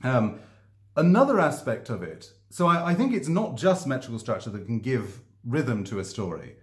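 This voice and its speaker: A man's voice: medium pitch, very animated, normal speed. A man talking about his own writing to camera, thoughtful and hesitant, with many ums and restarts. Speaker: author discussing his writing. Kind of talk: casual explanatory vlog. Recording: echoey room.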